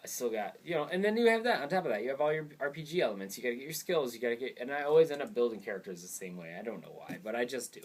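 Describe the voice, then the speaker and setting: A man's voice: medium pitch, lively intonation, racing, few pauses, a little hiss or hum. A young man hosting a casual gaming vlog, rambling and easily distracted, often laughing at himself. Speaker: gaming video host.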